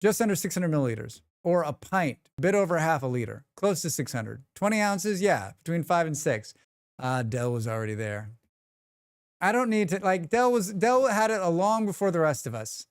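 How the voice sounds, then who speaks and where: Smooth-voiced man chatting on stream. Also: fairly high pitch, animated, normal speed, no room sound, studio quality. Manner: rambling, joking, reacts to chat. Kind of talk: casual live-stream chat.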